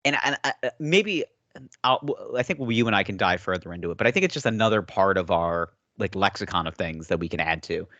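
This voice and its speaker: A man co-hosting a podcast in casual chat, an animated storyteller who acts out quotes and laughs often. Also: sits low, a little fast, no room sound, dull audio. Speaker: podcast co-host.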